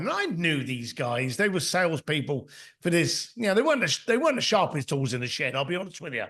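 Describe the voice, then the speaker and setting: A middle-aged man on a podcast tells blunt, down-to-earth anecdotes and acts out the other people in them. His voice sits high for a man. It swoops up and down with lively expression. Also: fast. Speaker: podcast guest, author and mentor. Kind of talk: conversational storytelling.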